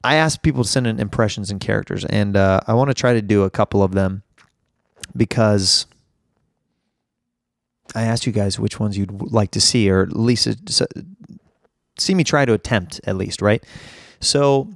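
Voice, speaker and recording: Hoarse, rambling comedy podcast host. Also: male voice, on the low side, normal speed, pauses often, dry recording, studio quality. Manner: rambling, jokey and self-deprecating. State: hoarse with laryngitis.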